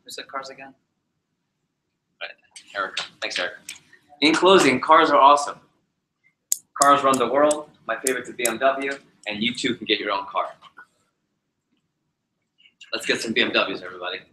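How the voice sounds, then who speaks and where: A man leads a public speaking session before a live group, his voice bright and forceful. He varies his pace and pitch as he makes his points. The sound carries a roomy echo and a faint hum behind it. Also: a little fast, long pauses. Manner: animated, varies speed and pitch to demonstrate points. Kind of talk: energetic presentation to a live group. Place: meeting room with a live audience. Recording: roomy echoey hall.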